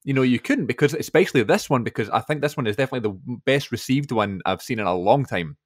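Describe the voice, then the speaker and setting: A man hosting a podcast interview, relaxed and hesitant, with frequent fillers. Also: medium pitch, quick pace, no room sound, studio quality. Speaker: podcast host.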